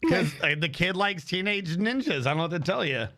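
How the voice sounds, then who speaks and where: A man's voice: high-pitched, animated, fairly quick, sharp tone. A man streaming a game, giving rambling, profane commentary and explaining as he plays. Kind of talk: casual gameplay commentary.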